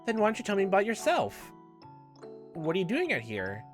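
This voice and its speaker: A gamer voicing an earnest, flustered young woman traveler in a raised, lively voice while reading a visual novel aloud, with faint game music behind. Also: mid-range voice, a little fast, pitched above the performer's own voice. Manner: bright, eager and easily flustered.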